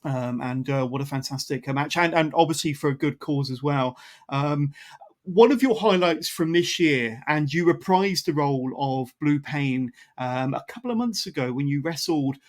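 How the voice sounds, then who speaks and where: A man's voice: on the high side, normal speed. A man hosting a casual podcast interview, rambling and enthusiastic with lots of fillers. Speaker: podcast host.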